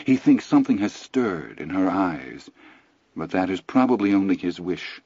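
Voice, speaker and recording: A man narrating a novel aloud in a measured, even storytelling delivery. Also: sits low, slightly rough, no echo, dull audio. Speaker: audiobook narrator. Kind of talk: scripted narration.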